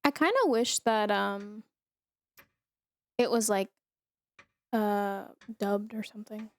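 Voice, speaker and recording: A woman's voice: mid-range voice, takes it slowly, no echo. A young woman hosting casual gameplay commentary, chatting to viewers with fillers and asides. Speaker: gaming channel host.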